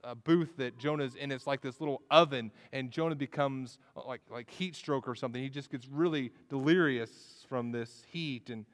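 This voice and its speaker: A man's voice: medium pitch, normal speed, hardly any pauses. A man preaching a sermon in an earnest way, often restarting his phrases. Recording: long echo of a large hall.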